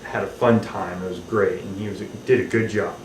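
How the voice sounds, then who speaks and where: A man's voice: deep voice, fairly even intonation, moderate pace, recorded from a distance. A man, a film director, recalling making his film in a rambling, casual way full of ums and restarts. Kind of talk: casual behind-the-scenes recollection. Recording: roomy, off-mic, faint hiss.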